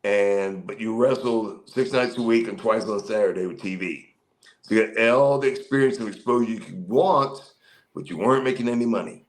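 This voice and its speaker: A man in his fifties with a fairly low voice, sitting as a guest and telling long stories from his wrestling days. He wanders through his sentences with fillers and restarts. He jumps into livelier voices whenever he quotes someone. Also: normal speed, rough recording. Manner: rambling, with many fillers and restarts; acts out quoted people in a livelier voice. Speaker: guest, former pro wrestler. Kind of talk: casual storytelling in an interview.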